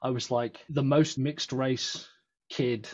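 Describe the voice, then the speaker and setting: A man's voice: medium pitch, fairly even intonation, slow pace, darkish tone, husky, muffled recording. An English man, a podcast guest, chatting casually and joking over a video call. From England. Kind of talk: casual interview chat.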